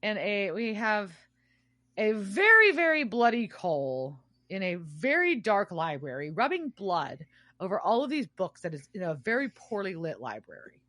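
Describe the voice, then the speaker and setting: A woman's voice: mid-range voice, moderate pace, no echo. Woman podcast host gushing through an episode recap, swears a lot, dry mic sound. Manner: animated, swears freely.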